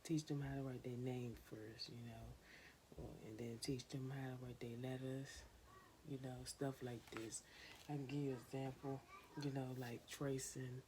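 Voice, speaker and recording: Very low-voiced woman giving parenting advice. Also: flat delivery, normal speed, noisy background. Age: 20s. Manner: earnest, repetitive, coaching other parents. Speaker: parenting vlogger. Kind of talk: casual how-to talk to camera.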